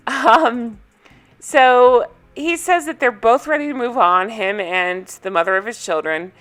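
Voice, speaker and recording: A woman's voice: fairly high pitch, a little slow, fairly bright tone. A woman vlogger chatting casually through a TV recap, blunt and opinionated, often laughing.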